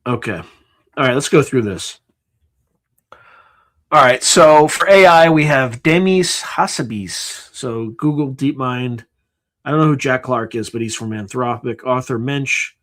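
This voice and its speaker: A man's voice: mid-range voice, a little slow. A man hosting a live stream, tired and yawning, reading through a list in a casual, offhand way with sarcastic asides. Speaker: livestream host.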